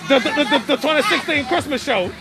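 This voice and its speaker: An online show host streams live from an outdoor family party on a phone, chatting casually with plenty of stammering and repeated words. The voice is high, fast, and lively in intonation, with music and a chattering crowd behind.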